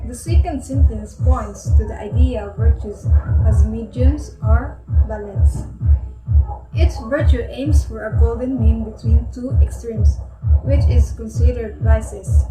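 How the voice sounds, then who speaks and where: A woman presenting a school lesson, reading a scripted explanation in a steady, plain tone. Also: on the high side. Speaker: student presenter. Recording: echoey, far from the mic, music behind.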